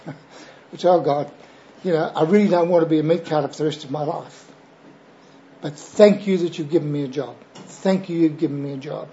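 Older Australian man, mellow voice, lo-fi recording. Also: fairly high pitch. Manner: chatty, rambling, frequent fillers and "right?" tags. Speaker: pastor. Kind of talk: personal testimony storytelling.

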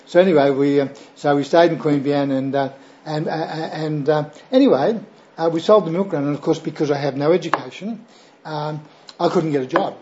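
A man's voice: fairly high pitch, brisk, darkish tone, dull audio, slight background noise. An older Australian man, a pastor, telling his personal testimony in a chatty, rambling way with frequent fillers and "right?" tags.

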